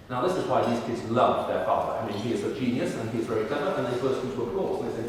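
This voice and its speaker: A man giving an evangelistic lecture at a university, telling humorous stories in an animated way. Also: mid-range voice, rapid-fire, hardly any pauses. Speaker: guest speaker. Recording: echoey hall from far off with noise.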